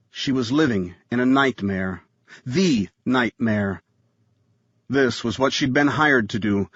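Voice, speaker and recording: A man's voice: medium pitch, a bit bright, dry recording, muffled recording. Man narrating a tense thriller audiobook. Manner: tense thriller reading, voices characters.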